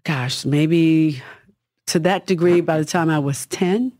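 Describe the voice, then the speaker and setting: A woman singer with a husky, low-toned voice, talking casually and emphatically as an interview guest. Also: slow pace, dark tone, dry recording, clean studio sound.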